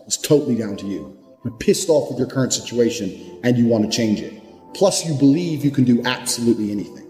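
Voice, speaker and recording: A man giving a forceful motivational speech, blunt and profane, hammering each point with total conviction. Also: mid-range voice. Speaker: motivational speaker. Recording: reverberant hall with background music. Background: music.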